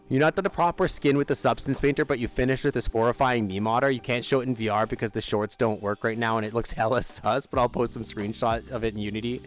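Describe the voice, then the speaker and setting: A man chatting casually on a live stream while sitting outdoors, rambling, trailing off mid-sentence and laughing often. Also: mid-range voice. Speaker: livestreamer. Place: outdoors near an amphitheater.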